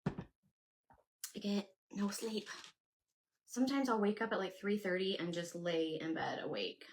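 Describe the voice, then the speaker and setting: A woman's voice: mid-range voice, unhurried. Chatty woman hosting a crafting livestream. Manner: chatty, thinks aloud while working, answers viewers. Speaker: craft channel host. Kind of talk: casual livestream crafting chat.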